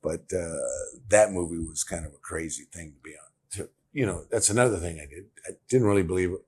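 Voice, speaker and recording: A man in his sixties from California, a guest telling animated stories in a casual interview, laughing often. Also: low voice, fairly quick, slightly rough. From California, USA. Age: 60s. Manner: animated storyteller, laughs often, acts out quotes. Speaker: interview guest, former pro football player.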